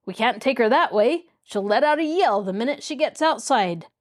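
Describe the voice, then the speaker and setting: A woman reading the part of a reckless, sneering male riverman and kidnapper in an audiobook, voiced in a gruff, bossy way. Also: fairly high pitch, animated, normal speed, pitched above the performer's own voice, close to an everyday voice.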